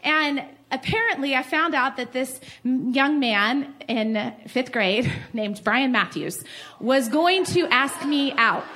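A woman in her forties, a pastor, preaching to a women's gathering in an animated, laughing storytelling manner. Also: high voice, slow pace.

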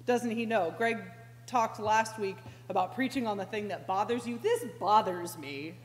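A woman preaching a conversational sermon as a pastoral intern, slow and reflective, with sudden animated outbursts. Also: medium pitch. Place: church sanctuary. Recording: echoey church hall with faint hum.

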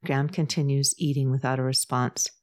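A woman narrating a novel in a measured, even storytelling voice. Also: extremely low pitch. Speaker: audiobook narrator. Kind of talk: scripted narration.

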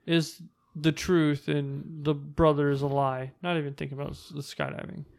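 A man's voice: on the high side, moderate pace, vocal fry. A man telling a funny story in casual chat, acting out the people he quotes in a raised voice. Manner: animated, acts out quotes in raised voice.

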